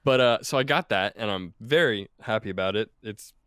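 A man's voice: lowish voice, a little fast, a bit bright, clean tone, dry recording, clean studio sound. A young man on a podcast, telling a work story in a laid-back, rambling way with lots of fillers. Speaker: podcast regular. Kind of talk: casual storytelling.

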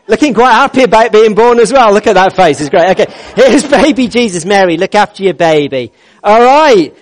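A man leading a church congregation, upbeat and jokey as he coaxes people into place. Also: high voice. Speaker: church service leader.

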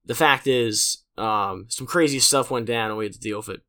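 A man's voice: mid-range voice, normal speed, sharp tone, smooth. A teenage man hosting his own podcast, rambling casually with lots of fillers and self-deprecating asides. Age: late teens. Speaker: podcast host. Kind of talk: casual solo podcast monologue.

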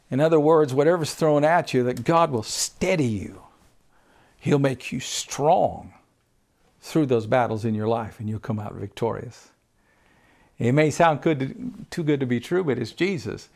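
A male pastor preaching a sermon, pushing his voice up on scripture and dropping it low for stress.

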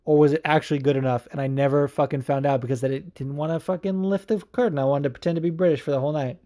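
Mellow-voiced man rambling casually. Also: a little high, fairly even intonation, fast. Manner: rambling and profane, heavy on "like". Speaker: podcast host. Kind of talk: casual chat.

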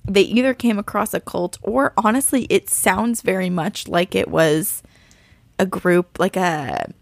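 A woman co-hosting a podcast, reading a listener's frightening story aloud with suspense and slowing down at the tense parts. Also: medium pitch, vocal fry, no echo. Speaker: podcast co-host.

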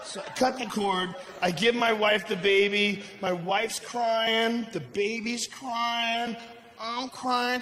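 A middle-aged man with a strikingly high voice delivers a stand-up routine, shouting and swearing his way through the story. He sounds like he is on a stage in a big venue, his voice bouncing around an echoey room. Audience noise rumbles clearly behind him. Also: steady tone, takes it slowly. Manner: loud, profane, shouting storytelling. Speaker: stand-up comedian.

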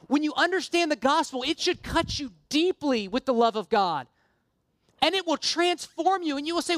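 A woman's voice: high voice, animated, normal speed, no room sound, studio quality. A woman preaching a sermon, earnest and impassioned, mixing casual self-deprecating asides with emphatic appeals.

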